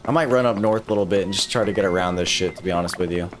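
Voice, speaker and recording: A male streamer talks to his chat while he plays, swearing freely and venting about getting stuck. His voice sits on the low side. Soft music plays under him. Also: fairly even intonation, very fast. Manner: profane, frustrated, talks to chat. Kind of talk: casual live gameplay commentary.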